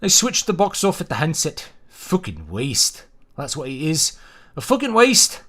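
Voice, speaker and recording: A man reading a novel aloud, voicing a rough young Scottish man in a put-on Scottish accent that he stumbles over. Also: a little high, animated, fairly quick, fairly bright tone, voice pushed up. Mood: gritty. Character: rough young Scottish man narrating his grim story.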